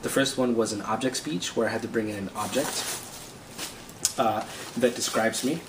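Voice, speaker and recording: A young man, a student prankster, telling his story in a casual, deadpan vlog narration. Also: mid-range voice, normal speed, far from the mic. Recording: echoey room with background noise.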